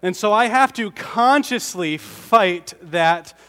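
Pastor preaching in a reverberant hall. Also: male voice, high voice, lively intonation, takes it slowly, a bit bright, smooth. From Connecticut. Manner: conversational, self-deprecating humor. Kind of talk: sermon.

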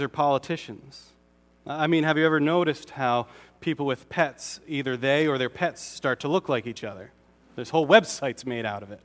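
A pastor from Connecticut giving a conversational sermon, with self-deprecating humor. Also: male voice, fairly high pitch, fairly bright tone, big-room sound.

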